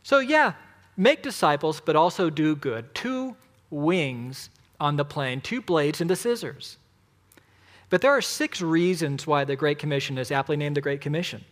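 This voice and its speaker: A man's voice: a little high, lively intonation, normal speed. Emphatic male preacher in a reverberant hall. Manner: emphatic, rhetorical questions to the audience. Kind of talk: sermon.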